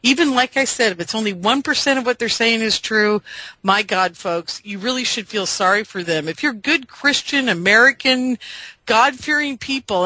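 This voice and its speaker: A woman's voice: medium pitch, sharp tone, dry recording, low-quality recording. A middle-aged woman radio host, pleading emotionally with her listeners and addressing them directly. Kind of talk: impassioned monologue to listeners.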